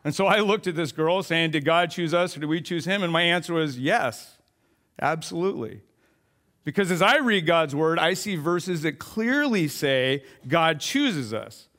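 A young adult man, a pastor, telling a comic story in an animated sermon. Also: on the high side, moderate pace.

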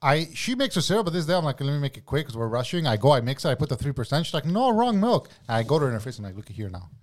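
Animated, swearing man telling stories. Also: a little high, rapid-fire. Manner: animated, profane storytelling. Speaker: podcast co-host and father. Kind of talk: casual podcast chat.

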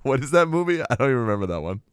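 A man's voice: mid-range voice, big pitch swings, racing, smooth, no echo, studio quality. A man co-hosting a casual podcast chat, blunt and profane, laughing often. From Boston area. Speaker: podcast co-host.

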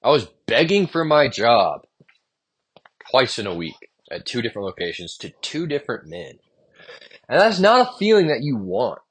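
This is a young man's solo podcast monologue, a stream-of-consciousness rant about his jobs that is rambling, profane, and frustrated. He speaks at normal speed in a husky, mid-range voice with big pitch swings.

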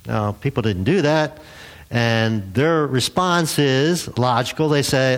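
A man's voice: medium pitch, takes it slowly. A conversational male pastor preaching. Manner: conversational, chuckles often, acts out quotes. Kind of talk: sermon.

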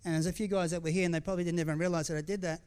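High-voiced, candid pastor. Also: male voice, flat delivery, racing, a little mellow, clear, resonant tone. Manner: candid, conversational, with frequent restarts and asides. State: tearful at times. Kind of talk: sermon.

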